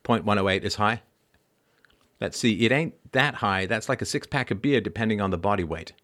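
Reading news stories on his commentary show, this podcast host keeps interrupting with sarcastic, mocking asides, shifting from loud jabs to muttered comments. He has a lowish voice and a brisk delivery.

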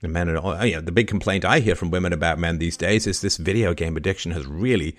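A man hosting a call-in show, telling an animated story and acting out the quoted voices. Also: sits low, fast. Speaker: podcast host.

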